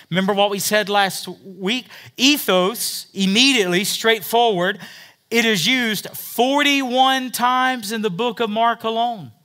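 A man's voice: high voice, pushed and bright. A man preaching a sermon, explaining scripture verse by verse and acting out quotes with emphasis. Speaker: pastor.

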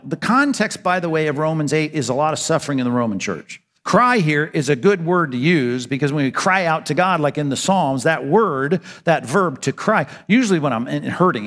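A man's voice: high voice, a bit bright, in a large hall. A man preaching a sermon as pastor, asking rhetorical questions and answering them himself with emphatic conviction.

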